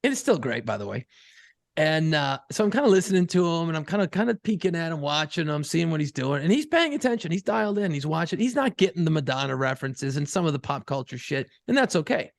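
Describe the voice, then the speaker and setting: A man in his forties co-hosting a podcast, telling stories in a profane, animated way. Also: fairly high pitch, fast, vocal fry, no echo. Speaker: podcast co-host. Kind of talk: casual chat.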